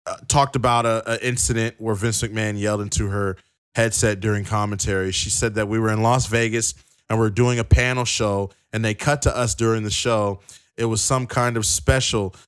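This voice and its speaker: Smooth low-voiced man on a podcast. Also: fairly even intonation, moderate pace. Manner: stammers and restarts, reads quotes aloud. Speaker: podcast co-host. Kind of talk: casual wrestling podcast chat.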